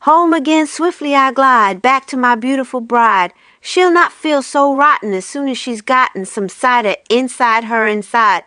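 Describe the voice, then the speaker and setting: A woman's voice: a little high, animated, normal speed, no room sound, clean studio sound, lightly acted. A woman voicing a clever, cheerful fox father who talks eagerly and sings, in a storybook reading.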